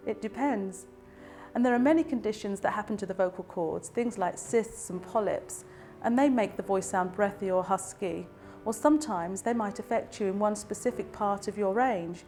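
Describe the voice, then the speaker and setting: Calm woman explaining clearly. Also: mid-range voice, moderate pace, faint music behind. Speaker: speech and language therapist. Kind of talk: explanatory educational talk to camera.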